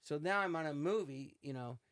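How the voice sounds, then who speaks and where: An older man, a podcast guest, telling animated anecdotes in casual chat and slipping into quoted voices. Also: on the high side, a little fast. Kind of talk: casual storytelling.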